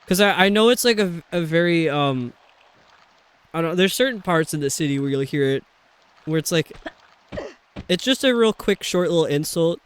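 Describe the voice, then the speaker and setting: A man's voice: fairly high pitch, animated, normal speed, long pauses, clean tone. A man streaming a video game, chatting casually and rambling with lots of fillers. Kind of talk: casual chat while playing a video game.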